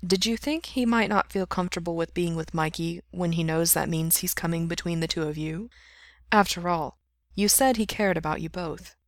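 A woman voicing a calm, gentle male friend who speaks in a measured, reassuring way, in a storybook reading. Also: fairly low pitch, dry recording, clean studio sound, lightly acted.

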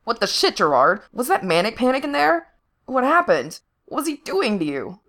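A woman's voice: a little high, big pitch swings, moderate pace, fairly bright tone, pitched above the performer's own voice. A woman reading a story aloud, voicing a frantic, protective young man whose voice cracks. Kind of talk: fan fiction reading.

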